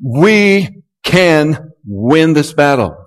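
A male pastor preaching a sermon, who builds to loud call-and-response and draws out key words. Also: a little high, sing-song, extremely slow. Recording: long hall reverb.

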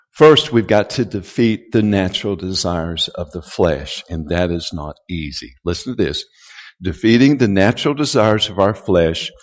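A male pastor preaching a sermon, who builds to loud call-and-response and draws out key words. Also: on the low side. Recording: long hall reverb.

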